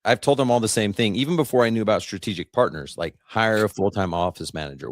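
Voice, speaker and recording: A low-voiced man hosting a podcast, talking in a casual, easygoing way and laughing often. His voice is recorded dry and close, with no room sound around it. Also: fast talker, few pauses, no room sound. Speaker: podcast host. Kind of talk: casual conversational interview.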